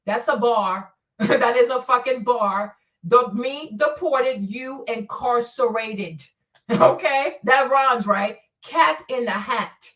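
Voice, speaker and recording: A high-voiced woman from Africa hosts a livestream rant, mocking and taunting, often breaking into laughter. Her voice sits a little back from the mic. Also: a little slow, a bit bright, far from the mic. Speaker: livestream host.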